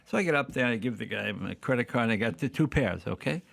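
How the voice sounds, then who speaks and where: An older man talking as a podcast guest, telling stories casually and acting out the people in them with lively voices. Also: mid-range voice, fast talker, gravelly, dry recording. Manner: acts out the dialogue in lively voices. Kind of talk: casual storytelling.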